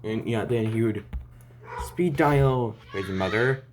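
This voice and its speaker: Guy making up a story as he goes, kinda low voice, keeps saying and yeah, bit of hiss in the back. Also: slow. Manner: rambling, restarting often with "and yeah". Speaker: fan fiction storyteller. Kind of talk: improvised story narration.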